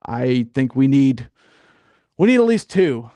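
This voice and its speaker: A man's voice: medium pitch, sing-song, unhurried, mellow, no room sound. A man hosting a casual sports talk podcast, rambling with lots of fillers and getting worked up. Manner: rambling, frequent fillers, gets fired up. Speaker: podcast host.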